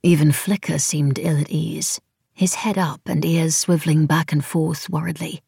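A woman narrating a novel in the first person, with wry, even storytelling. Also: low-pitched, moderate pace, gravelly, breathy edge, no echo, studio quality. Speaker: audiobook narrator.

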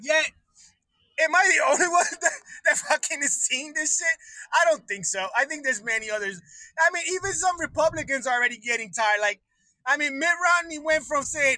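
A man with a very high, piercing voice rants on his own livestream, swearing freely and laughing between his jabs. The sound is close and completely dry, with no room around it. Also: animated, brisk, bright, forceful tone, no echo, low-quality recording. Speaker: livestream host. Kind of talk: profane political rant.

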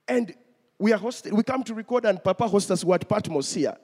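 High-voiced male preacher in a reverberant hall. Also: fairly quick, darkish tone, breathy edge. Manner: storytelling, speaks to the congregation directly. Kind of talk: sermon testimony.

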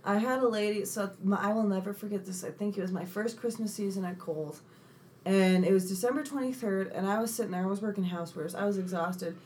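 A young woman co-hosting a casual chat, telling animated stories, swearing freely and acting out the people she quotes. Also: mid-range voice, fast. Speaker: podcast co-host.

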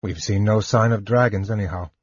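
Stern, brooding knight, read by a man, husky and slow, dry dull recording. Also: lowish voice, no room sound. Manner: stern and clipped. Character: stern, troubled male knight commander.

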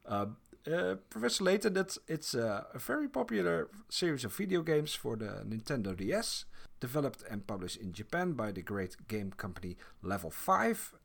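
Lively man chatting about games. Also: medium pitch, moderate pace, creaky. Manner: animated, laughs often, many restarts. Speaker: podcast co-host. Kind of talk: casual chat about video games.

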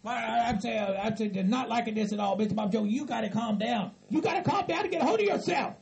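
A man voicing a level-headed hillbilly friend who pleads patiently and tries to calm everyone down. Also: very high voice, fast, gravelly. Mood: pleading. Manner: patient, pleading, repeats "Mister Bob Joe". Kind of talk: hobby comedy skit acting.

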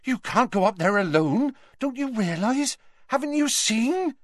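A man voicing a frightened, flustered middle-aged woman who runs an inn, speaking fast and high. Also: animated, dry recording, studio quality, heavily acted.

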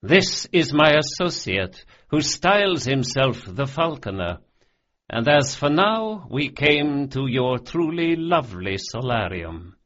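A man voicing a courteous yet quietly threatening older crime lord in an audiobook, with a lively, measured delivery on a dull lo-fi recording. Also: mid-range voice, pitched above the performer's own voice. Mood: suave, menacing. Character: smooth, menacing older male crime lord.

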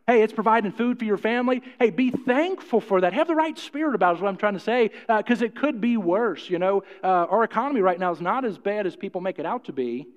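A man's voice: sits high, expressive, quick pace, hardly any pauses. A middle-aged man preaching a sermon to his congregation, folksy and jokey, often repeating himself and putting questions to the room. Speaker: pastor. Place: church hall. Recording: muffled, with long hall reverb.

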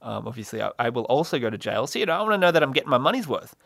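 A man's voice: mid-range voice, big pitch swings, very fast, vocal fry, a bit bright, dry recording, clean studio sound. A young man hosting a solo comedy podcast, rambling and self-mocking with lots of fillers and laughs. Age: young adult. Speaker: podcast host.

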